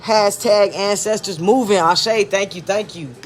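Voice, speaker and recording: High-voiced man giving a casual tarot reading. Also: measured pace, slight background noise. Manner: relaxed and chatty, drifting into soft murmured blessings. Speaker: tarot card reader.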